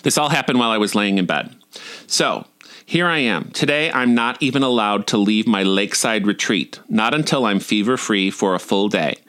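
A man in his forties reads his personal essays aloud in a wry, dryly comic way. His pitch is lively and rises and falls freely. The voice is bright and forceful. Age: 40s. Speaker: storyteller.

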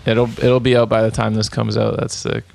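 A man's voice: fairly low pitch, completely flat delivery, a little fast, gravelly, darkish tone, a little hiss or hum. A man hosting a podcast, chatting in a laid-back way and swearing casually. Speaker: podcast host. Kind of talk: casual chat.

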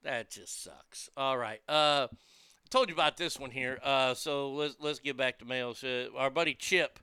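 A man hosting a show, ranting profanely in a casual way, swinging from low muttering to loud outbursts. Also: a little slow, clean tone, dry recording. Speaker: podcast host.

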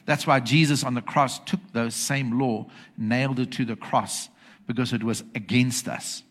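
Male preacher, mid pitch, emphatic, checks in with the congregation. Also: steady tone, moderate pace. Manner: emphatic, asks the congregation for agreement. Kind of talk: sermon. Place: church with congregation.

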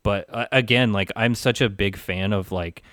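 A man's voice: fairly low pitch, normal speed, a bit bright, dry recording, clean studio sound. A man in a casual film discussion, rambling with many fillers and restarts.

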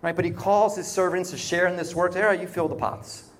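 A man's voice: high voice, fairly even intonation, a little fast. A man preaching a sermon in a conversational way, often acting out short quoted voices. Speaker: pastor.

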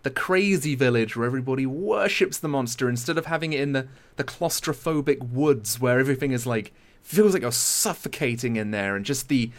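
A young man from Britain chatting casually, retelling a film scene with lively impressions. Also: mid-range voice, fairly quick. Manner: animated storytelling with impressions. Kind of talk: casual chat.

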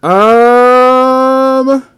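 A man's voice: extremely high pitch, steady tone, drawn-out words, fairly bright tone, clean tone. A man running a tabletop role-playing game as game master, narrating loosely with lots of fillers.

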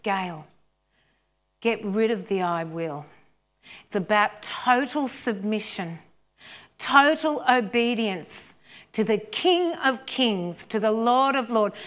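Unhurried Australian woman preaching. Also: fairly high pitch, a bit bright. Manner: chatty storytelling, rising to fervent appeals. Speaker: pastor. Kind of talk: sermon.

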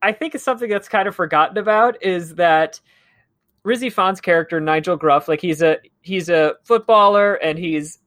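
A podcast co-host chatting casually about a movie, animated and quick to laugh. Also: mid-range voice, no room sound, studio quality. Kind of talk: casual chat.

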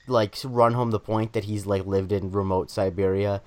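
A man's voice: fairly low pitch, fairly even intonation, normal speed. A man co-hosting a casual group discussion, opinionated and emphatic, often stumbling and restarting his sentences.

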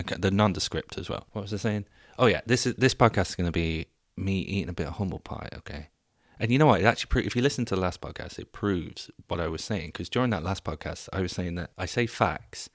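Low-voiced rambling man, self-mocking. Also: no echo, studio quality. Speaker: podcast host. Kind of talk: casual comic monologue.

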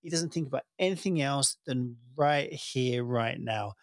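A man's voice: mid-range voice, unhurried, dry recording, studio quality. Chatty man, podcast co-host. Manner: laughs often, animated storytelling. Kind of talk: casual podcast chat. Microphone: podcast microphone.

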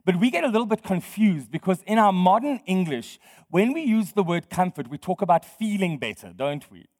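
High-pitched guy preaching, chatty, keeps asking the crowd questions and laughing, big echoey church hall. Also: expressive, brisk, darkish tone. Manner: conversational, quizzes the congregation, laughs often. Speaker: pastor. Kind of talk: sermon. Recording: long hall reverb.

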